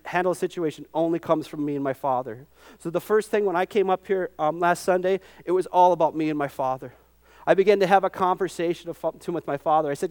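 A middle-aged man preaching a sermon, impassioned and rising to shouts, with repeated calls of "come on". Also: high-pitched, smooth.

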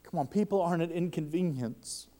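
A man preaching a sermon to a congregation, fervent, and his voice rises loud when he quotes others. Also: on the high side, brisk.

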